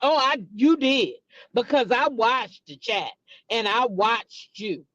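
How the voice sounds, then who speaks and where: A woman host dishing gossip in an unhurried, deliberate way, hammering her points home with repetition and profanity as she addresses her viewers directly. The sound is dry and a bit dull, like a lo-fi recording. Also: a little high, animated, a bit bright, no room sound. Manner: emphatic, repetitive, profane, talks straight to viewers. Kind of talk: casual gossip commentary.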